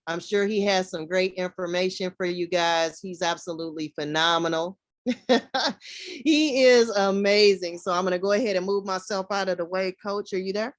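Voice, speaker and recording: A woman's voice: fairly low pitch, flat delivery, fairly quick, few pauses. Enthusiastic woman introducing a speaker. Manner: enthusiastic, praising. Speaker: host introducing the coach. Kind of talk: introduction on a live stream.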